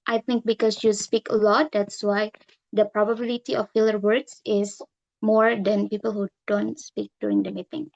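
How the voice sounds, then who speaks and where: A woman's voice: medium pitch, flat delivery, vocal fry, darkish tone, dull audio. A woman reporting filler-word counts one by one to members of an online meeting, in a methodical way. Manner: slow, methodical, listing counts. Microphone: computer mic on a video call.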